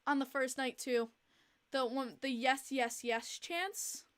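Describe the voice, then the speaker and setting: A young woman hosting a podcast livestream, chatting casually in an animated, exasperated way and repeating herself, with many fillers. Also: high-pitched, takes it slowly, smooth. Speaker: podcast host.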